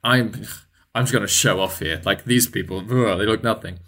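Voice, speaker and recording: A man's voice: lowish voice, normal speed, fairly bright tone. Figure: half-orc paladin. a man doing a pompous gallant warrior. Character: arrogant, showy male half-orc paladin.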